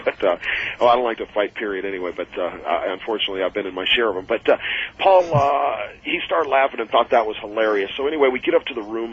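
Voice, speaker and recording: A man's voice: medium pitch, fairly bright tone. A middle-aged man, a former wrestler, telling rambling, chuckling stories as a guest on a radio show. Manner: rambling, chuckling storyteller with many fillers. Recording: dull lo-fi radio audio.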